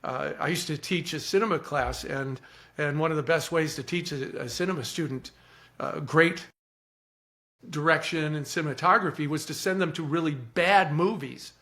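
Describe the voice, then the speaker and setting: A man speaking as a podcast guest, telling stories in an earnest, animated way and often repeating words as he starts a thought. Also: a little high, moderate pace. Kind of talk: reflective storytelling.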